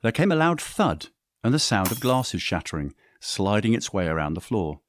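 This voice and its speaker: A man reading scripted story narration in a descriptive, measured way. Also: fairly low pitch, big pitch swings, a little hiss or hum.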